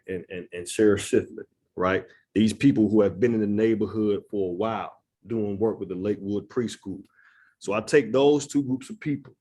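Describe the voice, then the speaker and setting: A man's voice: fairly low pitch, dark tone. A man giving an earnest, conversational community presentation in a church room, often checking in with "right?". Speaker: executive director of a neighborhood nonprofit.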